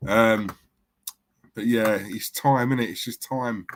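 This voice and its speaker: A man's voice: lowish voice, slow, pauses often, slight background noise. A man hosting a live stream, chatting casually and reading out viewer comments in a rambling, repetitive way. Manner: chatty, rambling, repeats himself. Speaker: livestream host.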